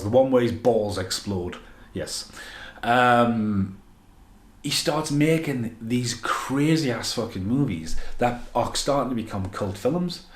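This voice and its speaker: Rambling, swearing man in an echoey room. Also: medium pitch. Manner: rambling, profane, excitable. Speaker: film reviewer. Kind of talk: unscripted ranting film review.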